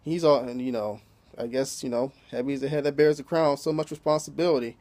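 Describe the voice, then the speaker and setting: A man's voice: medium pitch, steady tone, fast talker, a little mellow. A man casually recapping a TV episode in loose, profane talk, filling his sentences with "you know" and chuckling as he retells scenes. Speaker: TV episode reviewer.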